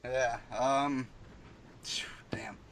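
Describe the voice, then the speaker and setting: A man co-hosting, reacting live in an excitable, laughing, halting way. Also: medium pitch. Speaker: co-host.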